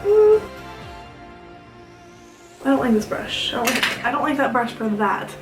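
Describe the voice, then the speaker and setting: A young woman with a slightly high voice chats and rambles as she gets ready, filling her sentences with "like". She sounds a little away from the camera mic, in a room with an echo. Faint music plays underneath. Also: fairly quick, recorded from a distance. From South Dakota, US. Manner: chatty, rambling, many "like" fillers. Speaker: beauty vlogger. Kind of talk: casual get-ready-with-me chat.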